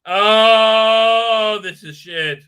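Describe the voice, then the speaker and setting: A man's voice: high voice, very slow, sharp tone, smooth. A man ranting sarcastically in a show review, swearing often and full of fillers and restarts. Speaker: commentator.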